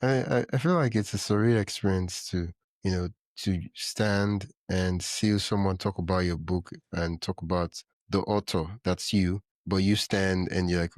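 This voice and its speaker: A man hosting a podcast, with a very deep voice recorded close and dry. He asks rambling questions and hesitates as he searches for the words. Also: fairly even intonation, moderate pace, hardly any pauses, darkish tone, no echo. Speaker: podcast host. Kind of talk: casual interview chat.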